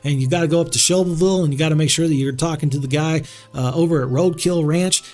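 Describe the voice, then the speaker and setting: A man's voice: fairly high pitch, fast talker, a little mellow, soft background music, natural voice. A man doing a drawling Southern country guy. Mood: folksy. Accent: Southern US (put on).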